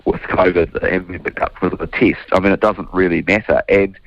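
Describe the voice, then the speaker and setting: A man in his thirties with a New Zealand accent, a politician answering interview questions in a hoarse, croaky voice, earnest and restarting his sentences. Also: low voice, flat delivery, normal speed, no room sound. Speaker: politician guest. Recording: dull, dry remote line.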